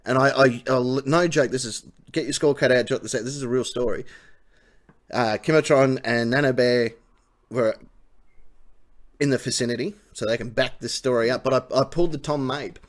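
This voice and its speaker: A man's voice: mid-range voice, normal speed. A man with an Australian accent, co-hosting a live talk show and telling funny stories with lots of laughter. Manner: storytelling, laughing, acting out phone calls. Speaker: co-host. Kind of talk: casual chat.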